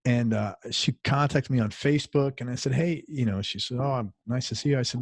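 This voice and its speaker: A chatty, enthusiastic man hosts a casual interview with a friendly manner. His middle-pitched voice sits close and dry, with no room sound around it. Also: fairly even intonation, fairly quick, hardly any pauses, darkish tone, dry recording. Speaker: interview host.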